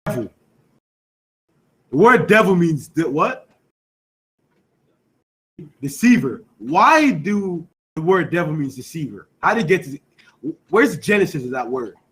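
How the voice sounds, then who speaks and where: A man with a somewhat high voice leads a scripture class. He teaches by call and response, repeating his questions and stressing each key word, with a steady "you know what I'm saying" running through his talk. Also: unhurried, long pauses, low-quality recording. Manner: quizzing students with repeated questions, emphatic.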